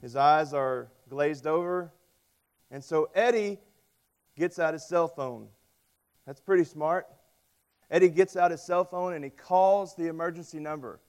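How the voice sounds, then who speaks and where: A man preaching a sermon, telling stories and acting out quoted voices with lively emphasis. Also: on the high side, measured pace, pauses often, clean tone. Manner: storytelling with dramatic voiced quotes; animated, rising loud on emphasis. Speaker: pastor.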